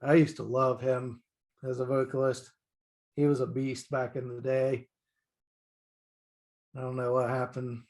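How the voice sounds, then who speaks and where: A man guesting on an interview, chatting in a friendly, easygoing, rambling way. His voice is mid-pitched. He drifts through his thoughts in a loose, relaxed flow. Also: measured pace, long pauses. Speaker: band member, guest. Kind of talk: casual interview chat.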